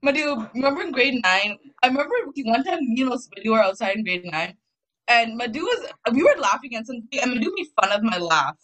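A young woman in casual video call chat, expressive and quick to laugh. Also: a little high, rough recording. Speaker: student panelist.

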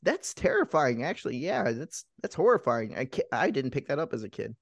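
A man's voice: mid-range voice, very animated, a little fast, creaky, no room sound. A man co-hosts a podcast and retells a film plot in a loose, rambling, profane manner. He keeps restarting his sentences, and his voice sits close and dry on the mic. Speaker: podcast co-host. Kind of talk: casual chat retelling a film.

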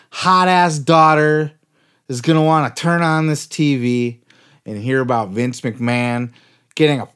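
Profane, excitable male podcast host. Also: high voice, clear, resonant tone. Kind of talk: comic podcast rant.

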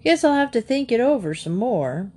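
A woman's voice: fairly high pitch, very animated, normal speed, a little mellow, breathy edge, pitched above the performer's own voice. A woman voicing a blunt, heavyset male house buyer who talks in clipped, grunting phrases. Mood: gruff.

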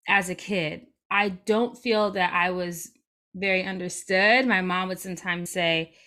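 A woman's voice: on the low side, steady tone, a little slow, bright, forceful tone. A young adult woman speaking as a guest in a casual interview, reflective and open, with light laughs as she talks.

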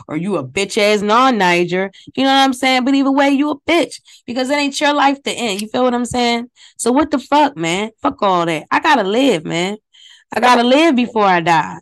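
A woman hosting her podcast in a casual, rambling monologue. She swears a lot, wanders off topic and talks straight to her listeners, with her mouth close to a phone microphone. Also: mid-range voice. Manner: profane, digressive, talks to listeners directly. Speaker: podcast host.

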